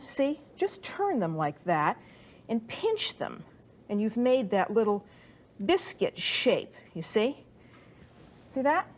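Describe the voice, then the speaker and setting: A middle-aged woman hosting a cooking show, chatting to viewers as she works dough in a studio kitchen. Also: fairly high pitch. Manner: warm, chatty, talks to the viewer while kneading dough.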